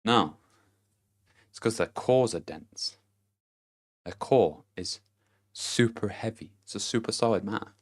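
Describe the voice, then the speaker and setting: A man's voice: on the low side, a little slow, pauses often. A man giving a casual motivational monologue to camera, blunt and profane, chuckling between his points. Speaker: vlogger.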